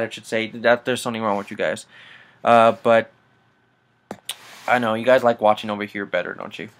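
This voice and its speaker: A man's voice: medium pitch, a bit bright. A man hosting a casual gaming news vlog, rambling and swearing through annoyed asides. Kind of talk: casual rant to camera.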